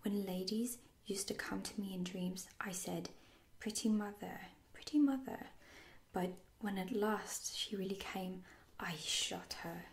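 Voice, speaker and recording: A woman's voice: medium pitch, a little slow, vocal fry. A woman voicing a humble, guilt-stricken young boy in a whispered role-play. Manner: whispered, hushed.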